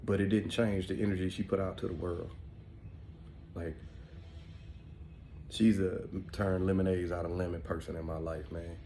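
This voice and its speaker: A man's voice: low voice, flat delivery, moderate pace, pauses often, warm tone, slight background noise. A middle-aged man with an African American Vernacular English accent, rambling through family memories in casual talk, full of "man" and "you know". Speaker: podcast host. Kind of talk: casual storytelling monologue.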